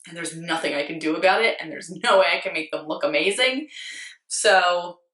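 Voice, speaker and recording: A woman in her twenties, a beauty vlogger, chatting casually about her favorite makeup with a slightly hoarse voice, rambling and poking fun at herself. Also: lowish voice, fairly quick, a bit bright, echoey room, recorded from a distance. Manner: chatty, rambling, self-deprecating, lots of "like". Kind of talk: casual product review.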